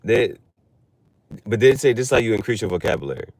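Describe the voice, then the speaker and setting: Rambling low-voiced man, lively pitch. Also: fast, no echo. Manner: rambling, loose, with many restarts and fillers; spells out unfamiliar words letter by letter. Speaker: vlogger. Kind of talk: casual chat while reading.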